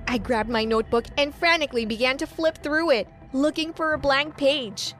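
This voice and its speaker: A woman with a high voice tells a first-person story with lively, dramatic expression. Faint music runs quietly underneath. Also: moderate pace, hardly any pauses. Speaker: narrator.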